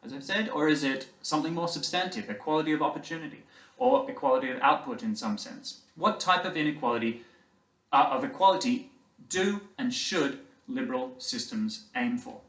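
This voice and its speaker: A man's voice: medium pitch, expressive, fairly bright tone. Male lecturer in an echoey hall. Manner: conversational, halting with fillers. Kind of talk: university lecture. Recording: roomy hall, distant mic.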